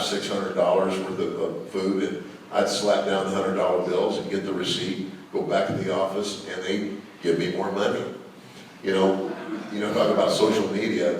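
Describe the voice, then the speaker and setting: Deep-voiced older man telling stories in an echoey hall. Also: darkish tone, slight background noise. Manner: chatty anecdotal storyteller, many fillers. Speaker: guest speaker. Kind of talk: storytelling to a live audience. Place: large hall with a live audience. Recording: echoey hall, mic from far off.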